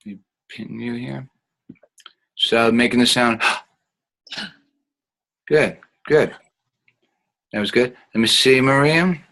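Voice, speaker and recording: A man's voice: mid-range voice, measured pace, gravelly, long pauses, fairly bright tone, low-quality recording. A man teaching an online acting class, guiding students patiently and showing each sound with hums.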